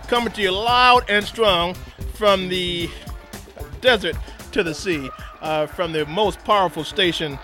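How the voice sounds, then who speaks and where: A man hosting a live radio talk show, shifting from a booming announcer voice to a loose, rambling chat full of fillers. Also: pushed and bright. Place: radio studio.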